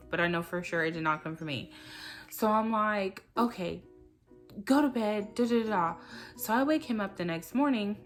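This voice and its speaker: A woman telling a casual storytime vlog about her son. She rambles animatedly, and nearly every phrase is filled with "like.". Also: on the low side. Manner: rambling, heavy use of "like", animated retelling. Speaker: vlogger, mother.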